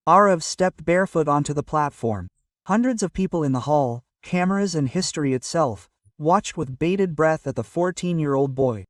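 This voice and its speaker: A man reading a scripted story aloud in an even storytelling manner, voicing every quote in the same voice. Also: a little high, normal speed, dry recording, studio quality, distant mic. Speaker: narrator.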